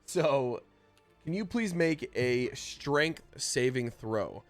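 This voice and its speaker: A man running a tabletop game as game master, narrating combat and explaining rules in a casual, halting way full of restarts. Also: medium pitch, animated, faint music behind.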